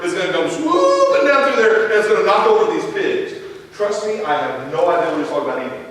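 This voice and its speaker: A man pastor giving a sermon with a Midwest American accent, telling a family story and acting out the dialogue. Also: high voice. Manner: animated storytelling, acts out dialogue. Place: church sanctuary. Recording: echoey church hall from far off, faint noise.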